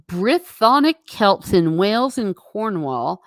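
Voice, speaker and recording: The American livestream host talks casually with lively intonation at normal speed, her voice on the low side. She reads chat aloud and laughs a lot, in a clean studio recording without room sound.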